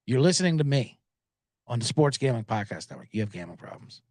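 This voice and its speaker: A man's voice: medium pitch, sing-song, fast, a little mellow, no echo. A man hosting a sports betting podcast, rambling and joking, and getting worked up now and then. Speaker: podcast host.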